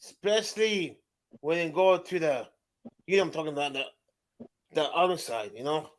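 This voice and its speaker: A man hosting a livestream, talking in a slow, halting way and greeting viewers by name. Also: a little high, expressive. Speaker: livestream host. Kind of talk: casual livestream chat.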